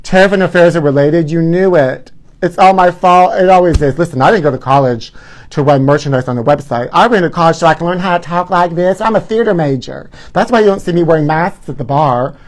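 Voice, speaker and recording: A man's voice: on the high side, a little fast. A man hosting a live gossip show, campy and dramatic, who keeps calling his viewers honey. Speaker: host.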